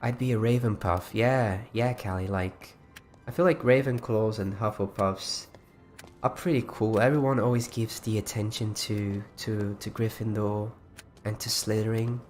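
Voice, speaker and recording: A man's voice: lowish voice, steady tone, normal speed, a little mellow, soft background music. Chatty man rambling on a livestream. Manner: rambling, chatty, frequent restarts. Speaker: livestream host. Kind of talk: casual livestream chat.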